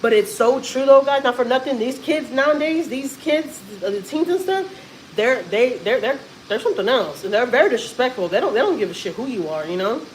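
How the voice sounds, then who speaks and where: A mother in her thirties from Texas, vents on a casual livestream. She talks in an animated, unfiltered way and cusses freely. Her voice sits fairly high over a faint background hum. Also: a little fast, rough recording. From Houston, Texas. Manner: animated, frequent cussing and laughing. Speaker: vlogger and mother.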